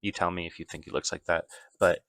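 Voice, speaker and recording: A man's voice: sits low, fairly even intonation, fast, vocal fry, a bit bright, no room sound. A man casually recapping a movie plot, rambling loosely with lots of fillers and self-corrections.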